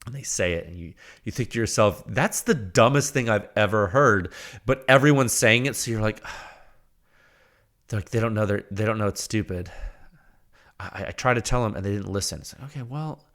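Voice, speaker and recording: A man hosting his own podcast, talking in a rambling, excitable way and acting out the reactions he quotes. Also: on the low side, normal speed. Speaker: podcast host. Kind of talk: casual solo podcast monologue.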